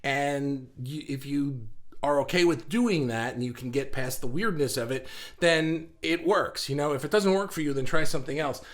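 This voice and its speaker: A man's voice: on the high side, moderate pace. A middle-aged man hosting a casual live stream, chatty and rambling, reading viewer comments and laughing at himself.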